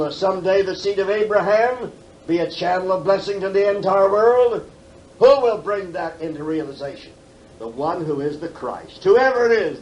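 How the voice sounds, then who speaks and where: A man in his seventies teaches scripture at a conference, hammering home points with rhetorical questions and dry folksy humor. The old tape carries a faint steady hiss behind him. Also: on the high side, rough recording. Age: 70s. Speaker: Bible teacher. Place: conference hall. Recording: faint background noise, 1979 tape.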